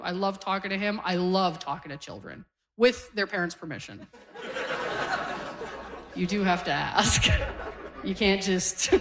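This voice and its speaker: A woman's voice: mid-range voice, fairly bright tone. Self-deprecating Canadian woman comic in her forties. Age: 40s. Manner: chatty and self-deprecating, laughing through her punchlines. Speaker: stand-up comedian. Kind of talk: stand-up comedy set. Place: comedy club stage.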